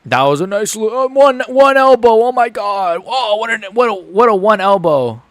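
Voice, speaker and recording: A young man streaming a live fight reaction, excitable, swearing and repeating himself as he swings from groaning despair to shouting. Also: high voice, normal speed, no echo.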